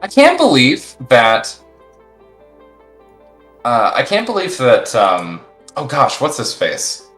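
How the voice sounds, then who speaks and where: A man's voice: mid-range voice, huge pitch swings, slow pace, pauses often, fairly bright tone. A man co-hosting a casual stream, talking in rambling, jokey stretches full of restarts. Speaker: stream co-host. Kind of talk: casual chat. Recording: echoey room with faint music.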